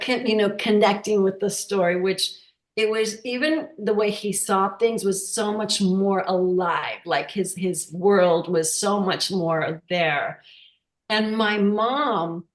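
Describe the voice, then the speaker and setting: A woman shares personal stories as a guest in a halting, casual way, full of restarts and fillers. Her voice sits at a middle pitch. The room gives it a roomy echo.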